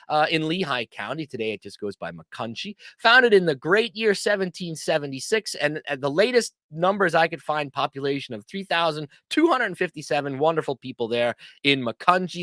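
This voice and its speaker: A man hosts a casual livestream, chatting in a loose, rambling way and poking fun at himself. His voice is bright and forceful. The sound is dry and close. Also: a little high, very animated, fairly quick, dry recording. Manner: chatty, rambling, self-deprecating. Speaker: host.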